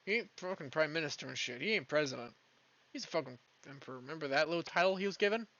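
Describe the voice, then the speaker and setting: A man's voice: fairly high pitch, lively intonation, quick pace, pushed and bright, no echo, lo-fi sound. Rambling, foul-mouthed male streamer. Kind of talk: casual rant while gaming.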